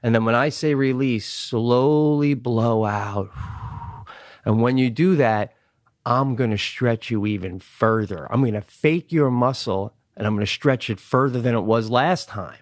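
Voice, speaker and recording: An unhurried man with a medium-pitched voice co-hosts a podcast, recounting a story in a loose comedic way. Animated and freely profane, he impersonates whoever he quotes; the studio-quality audio has no echo.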